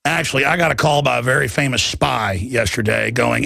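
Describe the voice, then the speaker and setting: A male radio talk show host interviewing a guest, speaking in a rambling, emphatic and excitable way. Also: mid-range voice, brisk, gravelly, hardly any pauses, no echo, clean studio sound.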